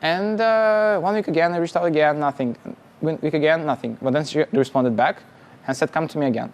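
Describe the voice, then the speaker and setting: A man's voice: on the high side, dull audio. Young man telling a story. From Russia. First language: Russian. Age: young adult. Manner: halting, many restarts and laughs, plain non-native phrasing. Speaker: startup founder guest. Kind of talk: casual storytelling interview.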